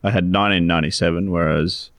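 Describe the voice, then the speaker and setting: A man's voice: deep voice, fairly even intonation, very fast, fairly bright tone, no room sound, clean studio sound. A middle-aged Australian man co-hosting a podcast, telling a meandering story in casual chat. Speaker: podcast co-host, financial adviser.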